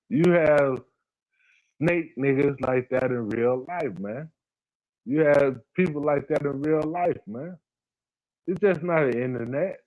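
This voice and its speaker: A man's voice: a little high, takes it slowly, pauses often, highs cut off. A man hosting a casual livestream, talking bluntly, repeating his points and addressing viewers by name. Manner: blunt, repeats himself, talks to chat by name. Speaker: livestream host.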